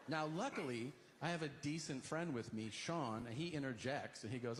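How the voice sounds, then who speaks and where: A man's voice: mid-range voice, a little fast, few pauses, slight background noise. A man doing stand-up, telling a story and acting out both sides of the conversation. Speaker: stand-up comedian. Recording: live stage set with audience laughter.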